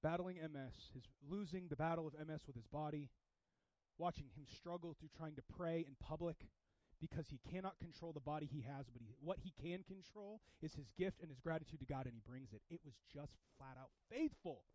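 A man preaching a sermon, swinging between loud emphatic bursts and quiet, intense passages. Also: on the high side, a little fast, no echo, dull audio. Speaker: pastor.

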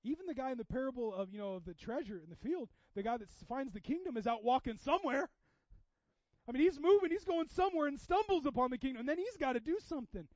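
A pastor preaching a sermon in a conversational way, swinging from loud exhortation to hushed asides. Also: male voice, extremely high pitch, animated, fast, no echo, dull audio.

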